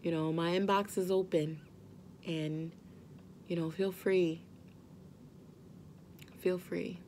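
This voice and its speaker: A mother vlogging straight to her viewers, earnest and gentle, reassuring them that they are not alone. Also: fairly low pitch, fairly even intonation, takes it slowly, slight background noise. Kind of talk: heartfelt direct-to-camera talk.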